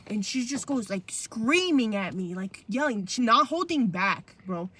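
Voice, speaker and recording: A woman's voice: medium pitch, expressive, measured pace, a bit bright, breathy edge. A young adult woman hosting a podcast, telling a childhood story in casual slang and acting out the quotes. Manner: chatty, heavy on "like" and "bro", acts out quotes. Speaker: podcast host.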